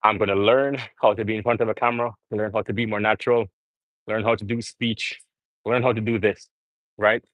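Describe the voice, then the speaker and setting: A young man with a fairly low voice talks casually and earnestly to his live viewers between sets at the gym. His delivery rambles and he speaks straight to the audience. The sound is close and dry, with little room echo. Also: level tone, a little fast, highs cut off. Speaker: vlogger livestreaming from the gym. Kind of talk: casual live-stream chat.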